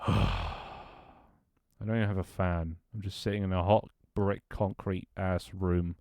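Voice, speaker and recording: This British streamer talks slowly in a low, gravelly, darkish voice with a steady tone. He chats casually from a small room at home, grumbling, swearing and laughing a lot. There's no echo.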